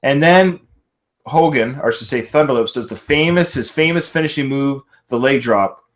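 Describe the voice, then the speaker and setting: A man hosts a live podcast from home. He talks through film scenes in a loose, casual play-by-play. His pitch sits in the middle range for a man. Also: normal speed, a bit bright. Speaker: podcast host.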